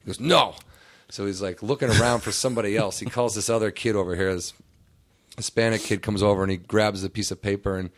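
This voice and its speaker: A man on a comedy podcast telling a profane, animated anecdote in casual chat. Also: fairly low pitch, fast, no echo. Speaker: comedy podcast co-host or guest.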